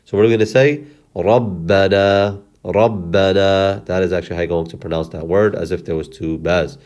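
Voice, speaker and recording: A man teaching reading step by step, sounding out words syllable by syllable and repeating them slowly, with apologetic self-corrections. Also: sits low, darkish tone.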